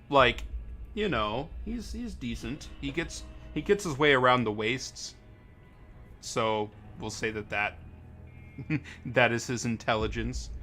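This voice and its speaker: A man's voice: mid-range voice, pushed and bright. A young man casually commenting on a game during a live stream, rambling, correcting himself and laughing a lot.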